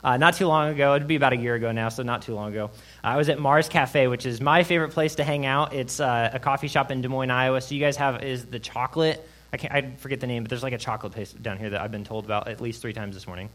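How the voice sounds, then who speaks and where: A young man, a guest preacher, praying and then telling a story in a lively, chatty sermon. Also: mid-range voice, quick pace. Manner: lively, conversational storyteller, many asides. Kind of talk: sermon with prayer and personal story.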